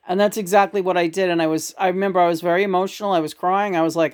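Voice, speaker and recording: A woman's voice: on the low side, fairly even intonation, fast, hardly any pauses, a little mellow. A woman sharing a personal story in a loose, chatty way. She gets emotional easily and laughs often, with lots of restarts. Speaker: channel and vlogger.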